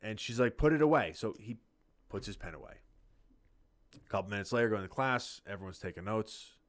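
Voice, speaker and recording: A man's voice: on the low side, fairly quick, fairly bright tone. A man co-hosting a podcast, telling rambling, profane stories in casual chat and acting out the people in them. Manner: rambling, profane, acts out quotes. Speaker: podcast co-host.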